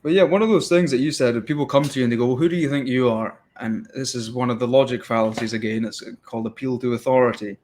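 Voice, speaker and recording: A man's voice: medium pitch, fast, few pauses, darkish tone. Fired-up male podcast host. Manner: fired-up, rambling, acts out quoted voices. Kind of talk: casual interview chat.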